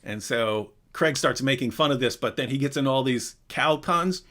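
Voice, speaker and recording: Casting: man hosting a live Q&A, mid-pitched, conversational, rambling asides and restarts. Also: moderate pace. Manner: animated, rambling, self-interrupting. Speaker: live Q&A host. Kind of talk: casual livestream chat.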